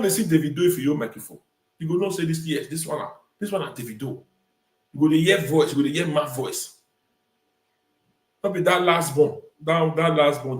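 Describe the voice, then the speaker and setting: A Nigerian-accented male host delivers a ranting live-stream commentary, hammering his points by repeating the same words. His voice sits a little higher than most men's. The room around him rings with a noticeable echo. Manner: emphatic, repeats phrases. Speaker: talk show host.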